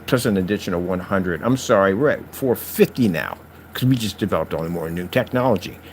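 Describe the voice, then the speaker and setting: A man's voice: brisk, a little hiss or hum. A man hosting his own channel, talking straight to his critics in a mocking, preachy rant. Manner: taunting, preachy, lively swings in pitch. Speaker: channel host. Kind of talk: ranting vlog talk to critics.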